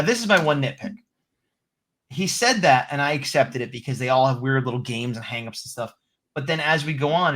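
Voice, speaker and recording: A chatty man talking through a show episode, his voice slightly high and very bright. He rambles with lots of likes and acts out quotes in quick bits. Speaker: podcast co-host. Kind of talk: casual chat reviewing a show.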